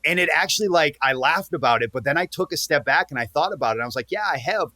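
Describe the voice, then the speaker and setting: Man, bright tense voice, dry close sound, earnest animated storytelling. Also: a little high, rapid-fire, no room sound. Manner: earnest, animated, speeds up when excited. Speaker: podcast guest, pro wrestler. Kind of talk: casual interview storytelling.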